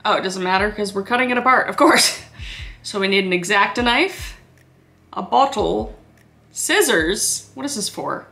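Sarcastic bright-voiced woman. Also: medium pitch, animated, measured pace, gravelly. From Canada. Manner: sarcastic, swears freely, laughs often. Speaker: comedy YouTuber. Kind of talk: comedic reaction commentary.

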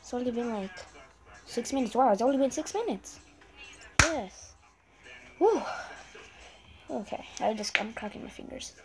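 A woman's voice: fairly high pitch, lively intonation, normal speed, long pauses, crowd noise, poor audio. A young woman giving casual running commentary on a video game, chatting to viewers and often apologizing to them. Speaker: gaming channel host.

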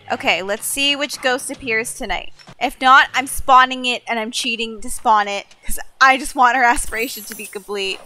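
A young woman giving casual, expressive commentary over her own gameplay, often exasperated and swearing mildly. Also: sits high, measured pace, few pauses, over music. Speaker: gaming YouTuber.

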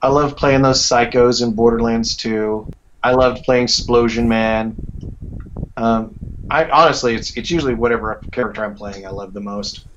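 This is a voice actor being interviewed over a call, a man who talks in a relaxed, rambling way, full of fillers and restarts. He speaks at a moderate pace with a medium pitch, and the audio has its highs cut off and a little hiss or hum.

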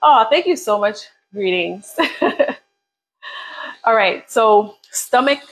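A woman's voice: a little high, lively intonation, very slow, breathy edge, rough recording. A woman leading a live beginner workout, coaching casually and encouragingly while counting down reps. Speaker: fitness instructor.

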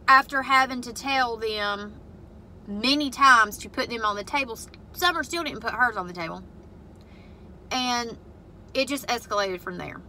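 Bright-voiced frustrated mom venting. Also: female voice, on the high side, a little hiss or hum, poor audio. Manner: frustrated, blunt and profane, retelling a family fight. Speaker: vlogger and mother. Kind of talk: venting casual vlog to camera. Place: inside her parked car.

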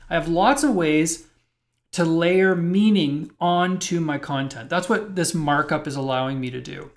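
A man's voice: on the high side, unhurried. A man teaching web programming in a screencast lecture, thinking aloud and explaining step by step as he types.

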